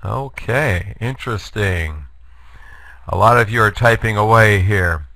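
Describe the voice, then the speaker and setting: A man's voice: lowish voice, a little slow, creaky, pushed and bright, rough recording. A man giving a live online lecture, jokey and self-deprecating, rallying the audience to take part. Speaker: guest lecturer. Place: online webinar.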